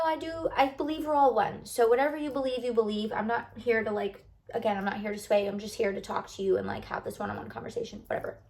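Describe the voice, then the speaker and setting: A young woman with a slightly high voice talks straight to the viewer like a close friend. She rambles and confides, restarting sentences and filling them with likes, in a loose, heartfelt vlog chat. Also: darkish tone. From United States. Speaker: lifestyle vlogger. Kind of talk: casual heartfelt talk to camera.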